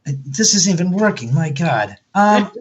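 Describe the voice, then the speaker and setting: A blunt, animated man tells his stories with plenty of swearing, his voice jumping up and down in pitch. He acts out bits of dialogue as he goes, in a loose interview chat. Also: unhurried, highs cut off. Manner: blunt, profane, storytelling with acted quotes. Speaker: guest, haunted house owner.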